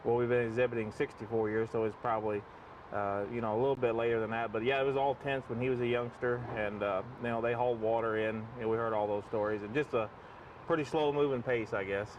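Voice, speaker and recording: A middle-aged dairy man answering questions at a county fair cattle barn. He talks quickly in a rambling, homespun way full of fillers. He is heard from a distance on a dull, muffled mic, with faint outdoor noise behind. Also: medium pitch, fairly even intonation. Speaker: dairy exhibitor. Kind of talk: interview answers.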